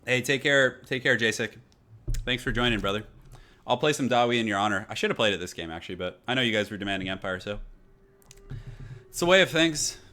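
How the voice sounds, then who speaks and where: Chatty young man streaming a strategy game. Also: mid-range voice. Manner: relaxed, chatty, reads chat aloud. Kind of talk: casual live-stream gaming chat. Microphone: desk microphone.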